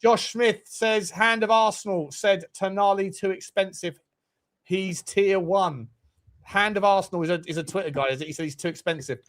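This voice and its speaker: Man, high voice, host, casual chat, reads viewer messages. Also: moderate pace. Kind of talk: casual fan podcast chat.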